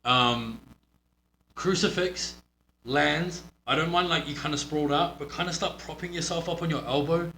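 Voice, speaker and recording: A man's voice: on the high side, moderate pace, sharp tone. A man with a New Zealand accent, a pro wrestler giving a blunt, profane critique of a match. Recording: roomy echo with faint hum.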